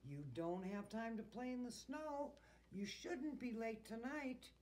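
A woman's voice: a little high, expressive, unhurried, a little mellow, distant mic, pitched above the performer's own voice. A woman doing a scolding storybook owl.

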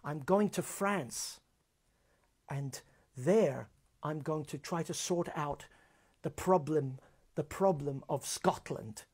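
A man's voice: on the high side, slow, pauses often, darkish tone, breathy edge. A man voicing a proud young nobleman in a story retelling, speaking urgently.

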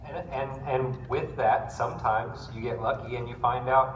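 A man's voice: medium pitch, steady tone, moderate pace, highs cut off. A man speaking as a guest at a convention panel, joking and chuckling through his answers, recorded from the audience on a phone. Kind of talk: casual convention panel talk. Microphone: phone in the audience, far off. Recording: echoey room, far-off phone audio, noise.

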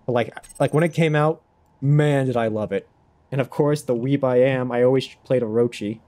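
Young male streamer, mid-pitched, chatty and self-deprecating, casual gaming talk. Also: moderate pace, warm tone.

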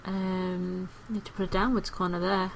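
A woman's voice: fairly low pitch, flat delivery, normal speed, a little hiss or hum, rough recording. A woman playing a video game and commentating casually, chatty and playful with frequent exclamations. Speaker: gaming video host.

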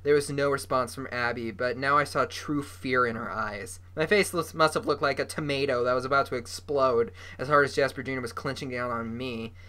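Bright-voiced reader of a children's novel. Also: mid-range voice, fairly quick, few pauses. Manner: lively, voicing characters. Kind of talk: reading a children's novel aloud.

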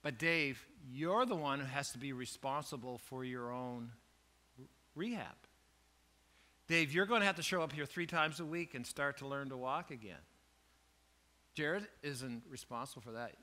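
A calm male doctor delivers his advice in a steady, matter-of-fact way, as a preacher puts him on. The voice sits a little lower than the speaker's own, with a sharp, tense edge. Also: normal speed, close to an everyday voice. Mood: firm, patient.

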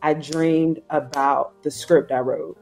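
Lively woman telling a story. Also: deep voice, takes it slowly, faint music behind. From South Carolina, US. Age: 30s. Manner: acts out quoted voices, slangy and emphatic. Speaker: guest filmmaker. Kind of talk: animated storytelling in casual chat.

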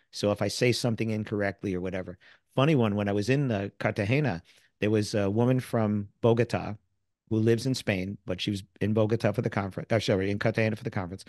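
A man's voice: lowish voice, dry recording, clean studio sound. Chatty American man telling stories. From United States. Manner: animated storyteller who acts out quoted people. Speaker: guest, sales author and speaker. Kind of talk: casual interview storytelling.

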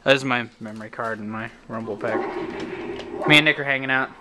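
A man's voice: mid-range voice, brisk, background noise. A young man talking casually in a daily vlog, rambling and opinionated, swearing freely. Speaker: vlogger.

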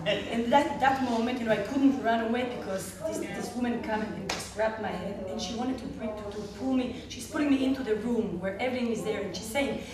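A woman's voice: fairly high pitch, a crowd in the background. Israeli woman telling a story in an echoey hall. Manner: animated storyteller, laughs often, halting restarts. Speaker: medical clown. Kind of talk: personal story told to a panel audience. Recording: echoey hall, distant mic, audience noise.

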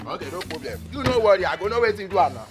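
A young man with a Nigerian Pidgin accent, a comedian in a sketch, loud and boisterous, swinging between shouts and mutters. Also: high voice, very animated, very fast, music in the background.

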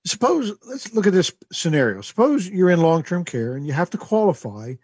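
A man's voice: high voice, sing-song, brisk, a little mellow, husky, no room sound. A man, hosting a radio show as an estate planning lawyer, explaining things in a folksy, conversational way full of fillers and restarts.

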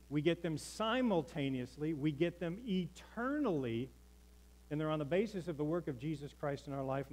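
A man preaching from the pulpit of a church. He is emphatic and rhythmic and leans on repeated lines. He calls out to the congregation for an answer. His voice sits at an ordinary middle pitch for a man. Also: mellow, poor audio. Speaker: pastor. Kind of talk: sermon. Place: church sanctuary.

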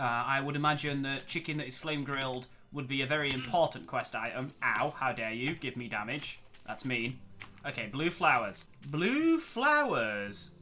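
A man narrating his gameplay with excitable, exclamatory commentary and faint music behind. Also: mid-range voice. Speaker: gameplay channel host. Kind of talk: let's play commentary.

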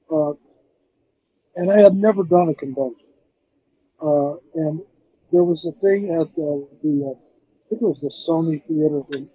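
An older man, a film composer, telling rambling, animated stories in a casual interview, with many restarts and fillers. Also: a little high, husky, rough recording.

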